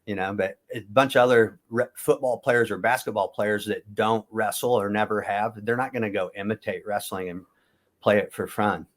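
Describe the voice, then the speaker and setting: Middle-aged man from the US, lowish voice, rambling guest storyteller who keeps correcting himself. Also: fairly even intonation, moderate pace. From United States. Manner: rambling, self-correcting, chuckles at his own stories. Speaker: interview guest, former wrestler. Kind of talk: casual storytelling.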